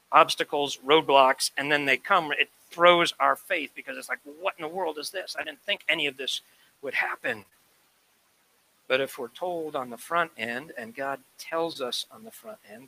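A man preaches a sermon with a very bright, forward tone. His delivery is animated, acting out quoted voices and swelling loud on key lines. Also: medium pitch, creaky, a little hiss or hum, poor audio. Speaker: pastor.

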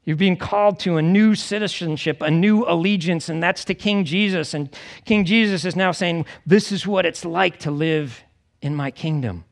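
A man preaching a conversational sermon to a congregation, acting out quoted voices with lively expression. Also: high voice, normal speed. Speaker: pastor.

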